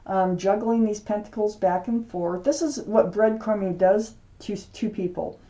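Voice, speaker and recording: A woman giving a casual tarot reading, speaking straight to the viewer in a gentle, reassuring way, often pausing with ums and restarting her sentences. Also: medium pitch. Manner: halting, with frequent ums and restarts. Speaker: tarot reader.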